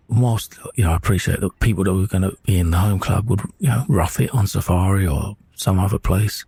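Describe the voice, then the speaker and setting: A man's voice: fairly low pitch, creaky, mellow, breathy edge, no echo. A man narrating his own experiences in a candid, rambling way, swearing casually.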